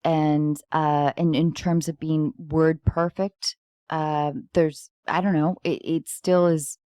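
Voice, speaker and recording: Lady podcast host, playful rambly chat, lowish voice, dry close mic. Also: level tone, takes it slowly, mellow, dry recording. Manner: chatty, playful, rambling with frequent laughs. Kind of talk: casual chat. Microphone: close podcast microphone.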